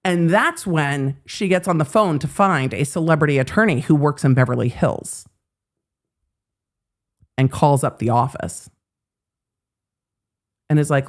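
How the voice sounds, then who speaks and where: A woman hosting a live legal commentary stream, telling a story in a casual, animated way and acting out the lines she quotes. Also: low voice, a little slow, long pauses.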